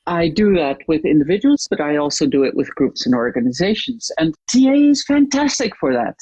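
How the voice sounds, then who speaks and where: A woman's voice: sits low, brisk, slightly rough, no echo, poor audio. An older woman, a coach and trainer, talking animatedly as an interview guest and acting out stories with voices. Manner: animated, acts out anecdotes with lively voices. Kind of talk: interview conversation.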